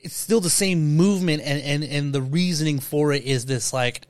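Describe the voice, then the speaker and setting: A man co-hosting a casual film podcast, eager and talkative, stumbling over repeated words as he gets excited. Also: a little high, normal speed, no echo, studio quality. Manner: enthusiastic, stammering restarts, casual slang. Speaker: podcast co-host.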